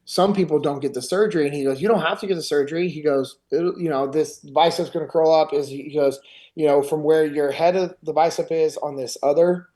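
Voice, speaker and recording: A podcast host, a middle-aged man, talks a little fast in a slightly high voice. He retells a personal story casually and with animation, acting out what others said.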